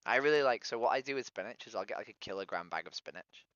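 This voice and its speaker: A young man from Britain in casual chat on a video call, talking in a relaxed way and explaining things at length. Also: fairly low pitch, fast. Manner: relaxed, chatty, likes to explain recipes. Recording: dull lo-fi video call audio.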